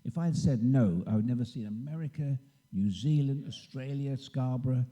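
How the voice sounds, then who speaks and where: A man's voice: mid-range voice, normal speed, dark tone. An older man telling rambling anecdotes on a convention panel and acting out the voices of people he quotes. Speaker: guest actor on a convention panel. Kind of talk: anecdotal storytelling. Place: convention stage.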